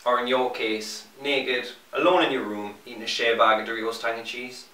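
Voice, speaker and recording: A young Geordie man with a bright, forward voice reads gaming news with cheeky wisecracks and a streak of mock enthusiasm. The sound is echoey and roomy, caught from some distance off the mic. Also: medium pitch, fairly even intonation, normal speed. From North East England. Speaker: co-host of a gaming news show. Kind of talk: scripted comedic news reading.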